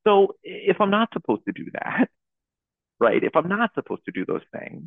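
A young man leading a Buddhist dharma talk, speaking in a halting, searching way with many restarts. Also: high voice, big pitch swings, gravelly, dry recording. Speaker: teacher leading a Zen talk. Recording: tinny phone-like audio.

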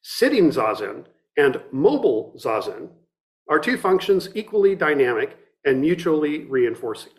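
A middle-aged man, a meditation teacher, giving a dharma talk in a reflective, measured way with frequent restarts, partly reading from a book. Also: on the high side, sing-song.

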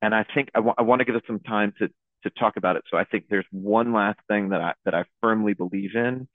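A young man leading a Buddhist dharma talk, speaking in a halting, searching way with many restarts. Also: lowish voice, no room sound. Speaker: teacher leading a Zen talk. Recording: tinny phone-like audio.

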